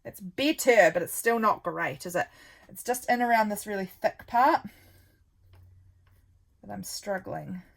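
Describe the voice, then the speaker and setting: A woman's voice: mid-range voice, animated, measured pace, gravelly, pauses often, rough recording. A woman vlogger chatting casually as she works on a craft project, thinking aloud and poking fun at her own mistakes. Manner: thinks aloud while working, rambling and self-deprecating.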